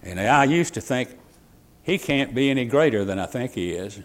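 A male pastor delivers a folksy sermon, quoting old scripture and chuckling at his own jokes. His pitch swoops widely as he swings from loud, emphatic bursts to hushed, confiding asides. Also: lively intonation, normal speed.

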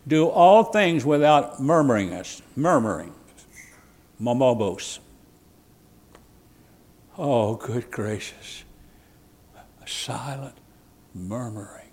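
A man preaching a sermon in a folksy way, quoting old scripture, shifting between emphatic bursts and quiet asides. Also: mid-range voice. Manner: folksy, quotes King James scripture, chuckles at own jokes. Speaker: pastor.

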